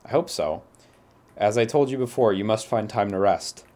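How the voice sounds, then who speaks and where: A man reading the measured lines of a caring, formal woman teacher from a game. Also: lowish voice, animated, darkish tone, natural voice. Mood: concerned. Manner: reads game text aloud, measured.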